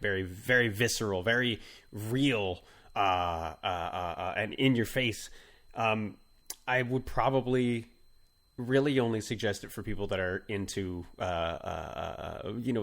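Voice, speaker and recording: A man co-hosting a comedic podcast, rambling and halting with many fillers and restarts. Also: on the low side, fairly bright tone. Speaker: podcast co-host. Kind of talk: casual comedic chat.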